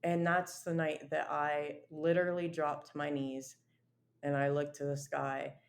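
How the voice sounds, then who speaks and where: A woman's voice: sits low, flat delivery, measured pace. A woman guest telling her own recovery story in an interview, in a casual, earnest and emotional way, with many fillers and restarts.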